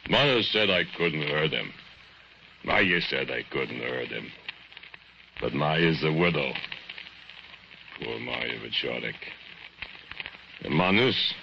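A brooding drunken foundry laborer. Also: male voice, creaky, slight background noise, exaggerated voice. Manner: broken English, slow, gloating with low chuckles. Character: brooding drunken immigrant foundry laborer, male, middle-aged. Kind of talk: 1940s radio acting. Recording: muffled old radio broadcast with music.

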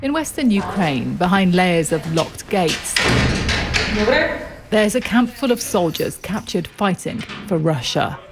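A woman correspondent narrating a scripted news report in a calm, measured way. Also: lowish voice, over loud music. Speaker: foreign correspondent.

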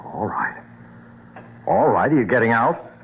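An actor playing a brooding, impatient husband in an old-time radio drama, gruff and menacing. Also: male voice, medium pitch, animated, a little slow. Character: brooding husband luring his wife underground. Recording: tinny lo-fi old radio broadcast with hiss.

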